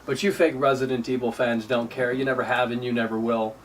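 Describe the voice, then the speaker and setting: A man's voice: steady tone, fairly quick. Ranting male streamer, mic at a distance. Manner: sarcastic, mocking imitations in a high whiny voice; repetitive, combative. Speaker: live stream host. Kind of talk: ranting live stream commentary. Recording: distant mic with faint noise.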